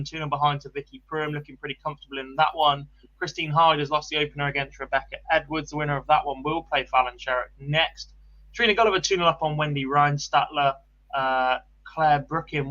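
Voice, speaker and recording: A man commentating live on darts, running briskly through results with light banter. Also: on the high side, pushed and bright, dull audio.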